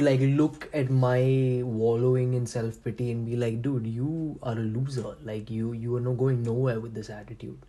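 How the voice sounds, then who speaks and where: Brief: young male podcast host, dark mellow voice, loose and profane, emphatic rants. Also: mid-range voice. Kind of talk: casual podcast monologue.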